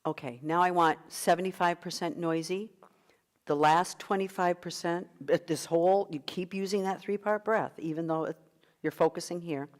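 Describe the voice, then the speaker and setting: A woman's voice: fairly low pitch, steady tone, normal speed. A middle-aged woman leading an online vocal workshop as a coach, guiding breathing exercises in an encouraging manner. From United States.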